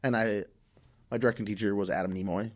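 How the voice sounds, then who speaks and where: A man from Minnesota with a low, deep voice tells a story on a podcast. He talks casually and loosely, doubling back, restarting sentences and filling gaps with ums. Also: steady tone, fast. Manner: rambling, many restarts and fillers. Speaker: podcast guest.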